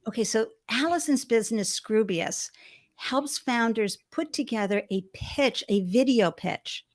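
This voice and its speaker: An effusive woman hosts a live-streamed interview show, greeting her viewers by name with gushing enthusiasm. Her voice sits a little high for a woman. She talks into a webcam on a video call from a home studio. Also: a little slow. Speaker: show host. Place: home studio with balloons behind.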